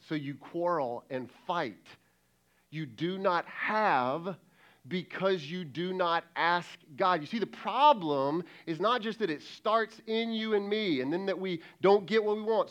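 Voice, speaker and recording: A man's voice: sits high, a bit bright, lo-fi sound. A man who is a lead pastor, preaching a sermon in a conversational way and often asking rhetorical questions. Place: church service.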